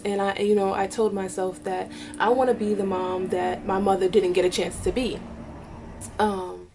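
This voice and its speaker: A young woman vlogger telling a personal story to camera, halting with many fillers and restarts, tearful at times. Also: medium pitch, darkish tone, a little hiss or hum. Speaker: vlogger, mother.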